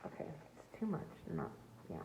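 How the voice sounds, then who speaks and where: At a normal speed, a woman gives her viewers an earnest, emphatic tarot reading from her home near a backyard, with some background noise. She speaks like a spiritual coach, and the recording sounds echoey and tinny, as if made on a phone.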